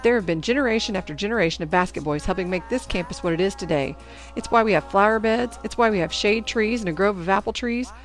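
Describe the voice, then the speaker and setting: A woman reading as a brisk, stern schoolteacher. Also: medium pitch, soft background music, lightly acted. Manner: brisk, commanding classroom instructions. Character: stern female junior high teacher.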